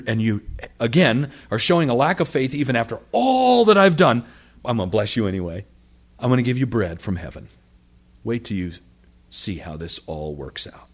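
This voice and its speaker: A pastor with a husky, mid-range voice preaches a sermon, reading scripture aloud. He's animated, acting out the voices of the people and of God.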